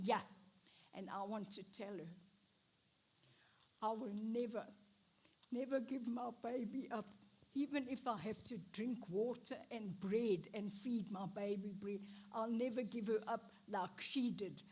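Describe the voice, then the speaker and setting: A woman's voice: on the high side, unhurried, mellow, slightly rough. An older woman giving a personal testimony in church, emotional and acting out the lines she quotes. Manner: emotional, acts out quoted speech with laughs. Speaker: interviewee sharing her life story. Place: church stage.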